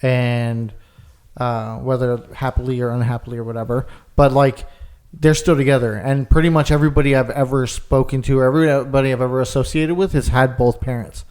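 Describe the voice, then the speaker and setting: A man's voice: medium pitch, steady tone, fairly quick, darkish tone, clean tone. Young male podcast co-host, rambling casual storyteller, mid-range voice, loose and chatty. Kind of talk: casual chat.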